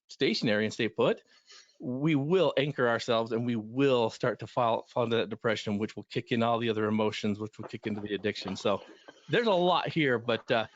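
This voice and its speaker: Here a runners' recovery coach in middle age rambles earnestly through panel stories, breaking off and starting over. His pitch sits in the middle, there's no echo, and the lo-fi sound is slightly dull.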